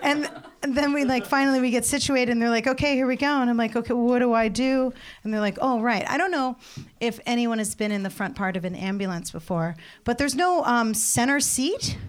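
A woman's voice: fairly high pitch, clear, resonant tone. A young woman performing a stand-up comedy set, rambling through stories and acting out the voices of people in them. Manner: rambling, animated storytelling with laughs and acted-out voices.

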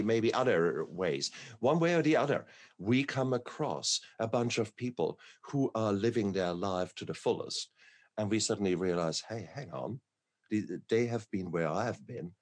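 A man hosting an interview, effusive and enthusiastic, with occasional swearing. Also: lowish voice. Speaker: host. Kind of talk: interview conversation.

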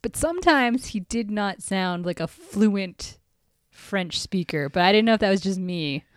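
A woman's voice: mid-range voice, expressive, unhurried, clear, resonant tone, dry recording, studio quality. A woman co-hosting a podcast in casual chat who laughs often and gives short reactions. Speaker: podcast co-host.

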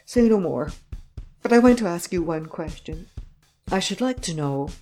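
A woman reading the part of a desperate, greedy man who pleads and stammers in high outbursts. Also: lively intonation, moderate pace, darkish tone, faint music behind, lightly acted. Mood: bitter. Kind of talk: audiobook character reading.

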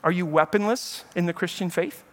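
Pastor, male, high voice, lively storytelling preacher who plays out the quotes. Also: brisk. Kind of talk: sermon.

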